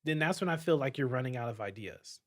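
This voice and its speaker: A young man hosting a casual podcast chat, animated and swearing freely, often stumbling and restarting his words. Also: mid-range voice, fast. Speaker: podcast host.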